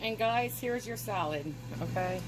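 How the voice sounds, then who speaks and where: A woman's voice: mid-range voice, measured pace, low-quality recording. A woman vlogging casually to camera from her home kitchen, chatting and rambling to her viewers as she shows a cooking demo. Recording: steady background noise.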